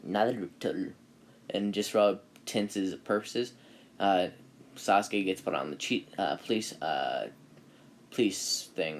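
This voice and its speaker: Man, low voice, rambling, fillers, self-correcting, casual storytelling. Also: slight background noise. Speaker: anime video maker.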